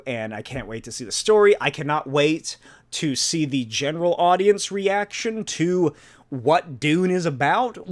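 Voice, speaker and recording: A man hosting a solo podcast, rambling casually, swearing and laughing often. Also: a little high. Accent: non-native or regional accent. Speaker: podcast host.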